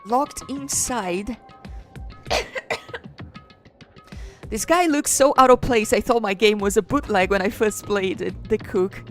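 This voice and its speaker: A woman's voice: mid-range voice, moderate pace, hardly any pauses, soft background music. A woman streaming a video game, reading its dialogue aloud and chatting casually between lines, laughing often.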